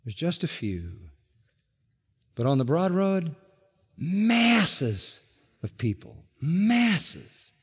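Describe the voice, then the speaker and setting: A man preaching a sermon with a somewhat high voice. He presses his points hard, climbing to loud declarations and then dropping into low, stretched endings. His voice carries a long reverb, as in a large hall. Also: sing-song, extremely slow, pauses often, breathy edge. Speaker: pastor.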